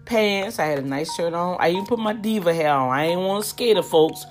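A woman telling a story to her viewers in a lively, chatty way, talking straight to them. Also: on the low side, fairly quick, faint music behind.

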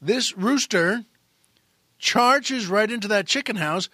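A man hosting a comedy podcast, spinning a long shaggy-dog joke with animated restarts and asides to the audience. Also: high-pitched, slow pace, no echo, studio quality. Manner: animated storyteller with frequent restarts. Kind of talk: telling a long comic joke.

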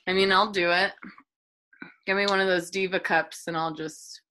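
A woman co-hosting a podcast in casual chat, reacting in a squeamish and expressive way with long, drawn-out reactions. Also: lowish voice, a little hiss or hum. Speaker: podcast co-host.

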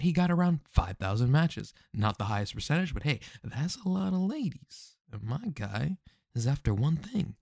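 A man talking through a story in casual commentary, animated and joking, with rhetorical questions and slangy asides. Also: mid-range voice, gravelly, dry recording, clean studio sound. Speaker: commentary host.

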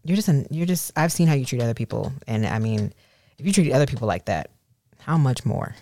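A woman's voice: very deep voice, lively intonation, fairly quick, dark tone, no room sound. A woman co-hosting a podcast with her husband, talking candidly and acting out quoted dialogue. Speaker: podcast co-host. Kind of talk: casual podcast chat.

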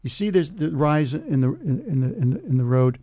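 A man in his seventies voicing a calm, well-dressed male tie salesman in a joke, pushing a deal. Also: a little high, brisk, dry recording, clean studio sound. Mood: smooth salesy. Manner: salesy, calmly persistent.

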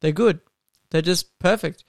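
A young man co-hosts a casual car podcast, opinionated, laughing often, and trailing off with ums. His voice is high-pitched, gravelly, and a little slow, captured in a dry, studio-quality recording.

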